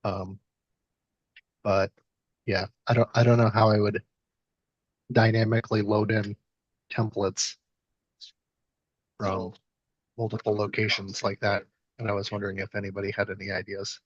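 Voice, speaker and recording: A man's voice: lowish voice, little pitch movement, moderate pace, pauses often, no echo. A man speaking hesitantly in an online meeting over a video call, with lots of fillers. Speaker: meeting participant. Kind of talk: casual online meeting talk. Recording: dull lo-fi call audio.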